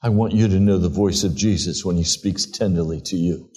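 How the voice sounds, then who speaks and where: A man's voice: low-pitched, darkish tone, husky. Earnest man preaching a sermon. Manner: slow, earnest storytelling preacher. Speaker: pastor. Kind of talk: sermon with scripture reading.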